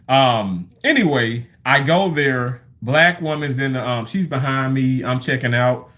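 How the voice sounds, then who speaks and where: A man's voice: mid-range voice, fairly bright tone. A man in his thirties or forties, rambling through a casual livestream monologue with chatty storytelling and loose swearing.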